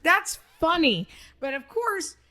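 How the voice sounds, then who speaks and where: A woman on a podcast panel chatting about movies, animated, laughing often and swearing casually. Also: very high-pitched, takes it slowly. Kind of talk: casual movie-review chat.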